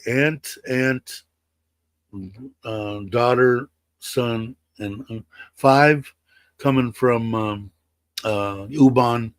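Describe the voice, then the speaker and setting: A man's voice: fairly low pitch, dry recording. A man in his sixties chatting casually on a livestream, rambling with many fillers and restarts. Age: 60s. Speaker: livestream host. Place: home in Thailand.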